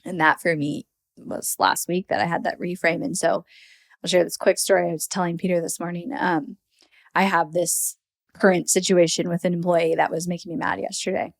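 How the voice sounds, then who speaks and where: A woman's voice: fairly low pitch, level tone, normal speed, gravelly. A woman guest on a podcast, telling stories casually with many fillers and acting out her own thoughts. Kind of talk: casual conversational storytelling.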